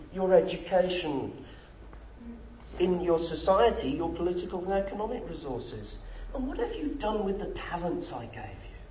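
Man preaching in an echoey hall. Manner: emphatic, rhetorical questions, lively pitch swings. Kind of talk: sermon. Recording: echoey room with faint noise.

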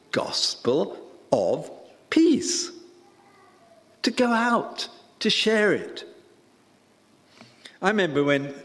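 A man preaching a sermon in an emphatic, deliberate way, with stresses that rise on key words. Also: mid-range voice, fairly bright tone, in a large hall.

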